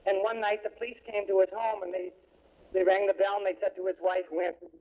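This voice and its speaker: A middle-aged man, a priest, telling an emotional story at a conference workshop, with pauses and restarts. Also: high-pitched, level tone. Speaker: priest giving a workshop talk. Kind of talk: recorded conference talk. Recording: tinny old cassette recording.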